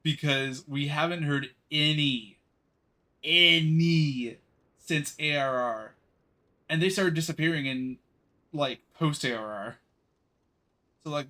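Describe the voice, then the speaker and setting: A man's voice: a little high, pushed and bright. An American man with a slight rural twang, streaming a game and chatting casually in a rambling way. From United States. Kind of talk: casual gaming commentary.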